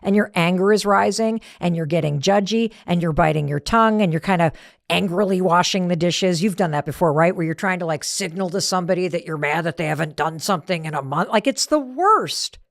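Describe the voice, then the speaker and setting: A middle-aged woman hosts a motivational podcast, speaking conversationally and acting out the lines she quotes. Her voice is on the low side with vocal fry and a slightly fast pace, and the studio sound is clean with no echo.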